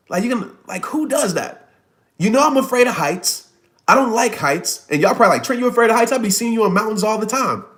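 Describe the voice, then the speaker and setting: A man in his thirties gives a live motivational talk in a fairly high voice. He tells a personal story with emphatic repetition and reads viewer comments aloud as he goes. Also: a bit bright. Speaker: motivational speaker.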